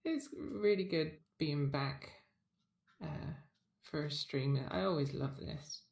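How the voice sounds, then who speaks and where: A woman's voice: deep voice, slow pace, gravelly, a little mellow, echoey room. A woman who is a returning guest co-host on a stream, chatting casually, giggly and easygoing. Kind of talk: casual chat.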